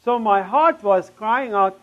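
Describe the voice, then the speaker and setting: A middle-aged man from Palestine giving an emotional testimony sermon, his voice surging loud on key words. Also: high voice, expressive, measured pace, phone-quality sound.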